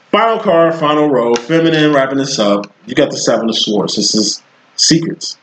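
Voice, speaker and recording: A man's voice: on the high side, lively intonation, measured pace, fairly bright tone, a little hiss or hum. A man in his thirties giving a casual tarot reading as a psychic, talking bluntly in profane street slang. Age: 30s. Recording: roomy, dull lo-fi sound.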